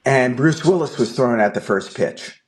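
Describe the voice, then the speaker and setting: Older man telling stories with animated gusto. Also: mid-range voice, normal speed. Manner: lively anecdotal storyteller, acts out dialogue. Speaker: guest, film producer. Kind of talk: animated storytelling.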